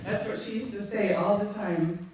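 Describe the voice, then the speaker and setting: A middle-aged woman giving a funeral eulogy, halting and heartfelt, with frequent ums. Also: mid-range voice, fairly even intonation, a little mellow. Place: large echoey hall. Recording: echoey hall from far off.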